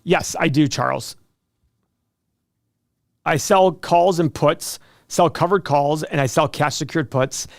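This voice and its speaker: A man's voice: fairly high pitch, slow, gravelly, long pauses, no room sound, studio quality. A middle-aged man hosting a casual livestream, answering viewer questions with jokes and self-deprecating asides.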